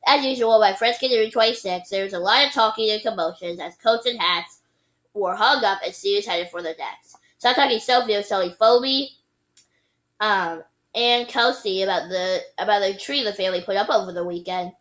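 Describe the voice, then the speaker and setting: A woman's voice: mid-range voice, normal speed, a bit bright, poor audio. A woman reading a children's book aloud expressively, with playful sound effects and occasional slips. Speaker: reader.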